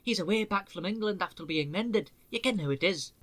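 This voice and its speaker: A man doing a gruff Scottish engine. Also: high-pitched, animated, a little fast, voice pushed up. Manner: hoarse, hushed scolding. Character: small male Scottish engine, gruff and touchy.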